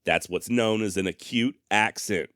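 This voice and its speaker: This history podcast host speaks on the low side at a measured pace, his voice clear, resonant and a bit bright. The studio recording is clean, with no room sound. His storytelling is wry and sarcastic, full of folksy expressions and frequent self-mockery.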